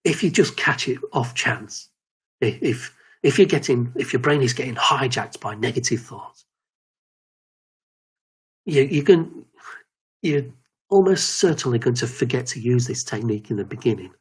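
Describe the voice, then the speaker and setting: Husky guy talking you through a confidence exercise, slow and measured, keeps restarting lines. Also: mid-range voice, animated. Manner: measured, repetitive, with frequent restarts. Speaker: confidence coach. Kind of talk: slow guided self-help talk.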